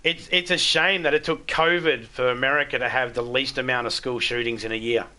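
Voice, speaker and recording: A middle-aged Australian man with a mid-range, sharp voice and a steady tone chats briskly with viewers on a live game stream. He's blunt, swears freely and stumbles over restarts.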